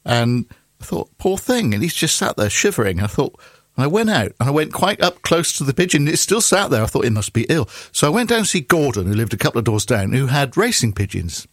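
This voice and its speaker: A man's voice: a little fast, dry recording, studio quality. A man from England hosting a casual radio chat show, telling jokey stories. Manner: jokey storyteller, lively pitch. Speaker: show host.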